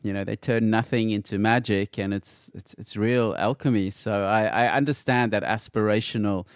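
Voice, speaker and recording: A man's voice: lowish voice, steady tone, normal speed, dry recording, studio quality. A man hosting an interview, talking in a thoughtful way and repeating words as he chooses them. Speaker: podcast host. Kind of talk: conversational interview.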